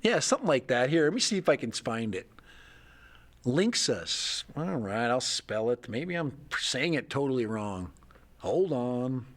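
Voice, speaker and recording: A man's voice: mid-range voice, very animated, a little slow, fairly bright tone. A middle-aged man hosting a casual livestream, rambling and thinking aloud with chuckles. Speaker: livestream host.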